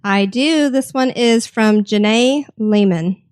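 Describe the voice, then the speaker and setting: A woman hosting a history podcast, chatting and reading listener ghost stories aloud with expressive delivery. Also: on the high side, takes it slowly, clean tone, no room sound. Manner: expressive reading with acted quotes. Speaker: podcast host.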